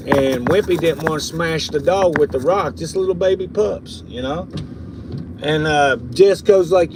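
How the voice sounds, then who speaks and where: A man's voice: fairly high pitch, unhurried, background noise. A man on a livestream, telling rambling stories in a profane, drawling way. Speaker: livestream host. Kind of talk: casual storytelling on a livestream.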